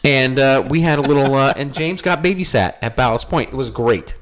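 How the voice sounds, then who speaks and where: A man's voice: mid-range voice, fairly quick. A man co-hosting a casual podcast, telling a trip story and acting out what people said. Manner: animated storyteller who acts out quotes. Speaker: podcast co-host.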